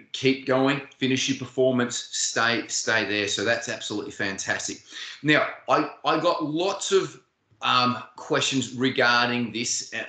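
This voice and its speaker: A man's voice: mid-range voice, sharp tone, echoey room. A man hosting an interview, rambling and stacking several questions at once. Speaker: interviewer host.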